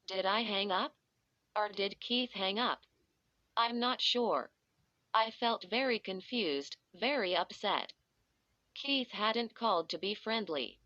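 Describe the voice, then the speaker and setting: A woman narrating a first-person story in a slow, measured reading. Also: mid-range voice, pushed and bright, no echo. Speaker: audiobook narrator. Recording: dull lo-fi dry recording.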